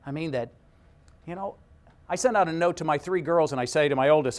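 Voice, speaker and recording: A middle-aged man giving a motivational talk, telling stories with big swings in pitch and loudness. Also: a little fast. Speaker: speaker. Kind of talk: motivational speech.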